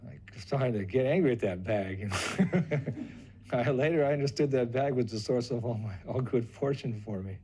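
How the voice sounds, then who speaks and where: An older man recounting a personal memory as a lively storyteller who acts out other people's lines. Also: medium pitch, normal speed, slight background noise. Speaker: devotee recalling memories.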